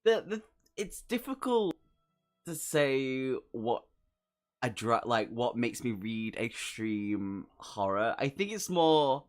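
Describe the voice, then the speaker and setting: A man's voice: mid-range voice, big pitch swings, slow pace. A man with an American accent chatting casually as a guest co-host, giggling often and poking fun at himself. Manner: laughs often, giggly, self-deprecating. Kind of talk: casual chat.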